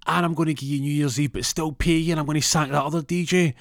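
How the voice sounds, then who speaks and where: Shouty excited club manager, high stammering voice, dry close sound, a man acting him out. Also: quick pace, no room sound, lightly acted. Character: excited male nightclub manager shouting a pay offer.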